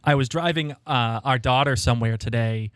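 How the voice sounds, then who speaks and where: A man's voice: mid-range voice, normal speed, a bit bright, smooth, no echo, clean studio sound. Joking man podcast co-host. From Boston area. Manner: joking, laughs easily. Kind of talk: casual chat.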